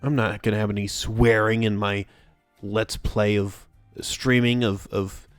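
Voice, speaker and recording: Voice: mid-range voice, little pitch movement, unhurried, dry recording, soft background music. A streamer from Texas, giving playful, giggly commentary while playing a game and sounding out German ride names.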